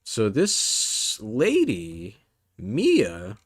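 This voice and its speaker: Lively-pitched, unhurried male podcast host. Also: breathy edge, no room sound, clean studio sound. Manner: laughs often, rambling with many fillers and restarts. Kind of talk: casual comedic podcast chat.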